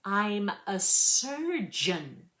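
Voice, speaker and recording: A woman voicing a sharp-tongued woman surgeon who talks in an exasperated, blunt way. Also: medium pitch, animated, normal speed. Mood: annoyed.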